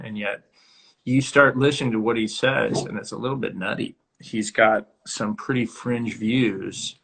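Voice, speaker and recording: A man's voice: fairly low pitch, vocal fry, a bit bright, husky. A man hosting his own casual livestream from home on a phone, rambling and chatty, now and then scolding his barking dog. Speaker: host of his own live stream.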